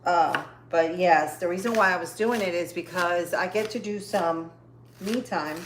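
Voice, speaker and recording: A woman's voice: fairly low pitch, measured pace. A woman hosting a casual cooking livestream from her home kitchen, chatting upbeat with viewers while she chops. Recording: echoey kitchen with faint noise.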